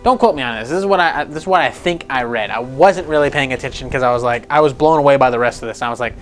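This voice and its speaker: A man hosting a casual gaming news show, talking in a profane, animated, rambling way with frequent laughs. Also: medium pitch, quick pace, soft background music.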